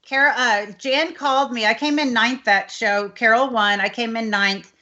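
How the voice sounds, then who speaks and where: A woman's voice: a little high, fairly even intonation, normal speed, bright, forceful tone. A woman in her fifties from Texas, hosting a chat show and telling a long, rambling personal story. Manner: rambling storyteller, many fillers like "anyways". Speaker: host. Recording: slightly muffled online call audio.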